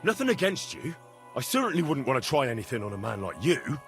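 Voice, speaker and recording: An actor playing a smooth-talking young male servant in a game, conciliatory and eager to avoid trouble. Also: mid-range voice, sing-song, fast talker, a bit bright, soft background music. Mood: placating. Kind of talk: video game voice acting.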